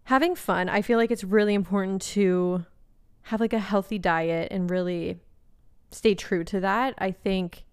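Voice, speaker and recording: A young woman chatting casually as a podcast co-host. Her voice is smooth and clear, at an ordinary pitch. She rambles warmly through her points with lots of "like" and restarts. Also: a little slow. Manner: chatty, with frequent "like" fillers and restarts. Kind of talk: casual chat.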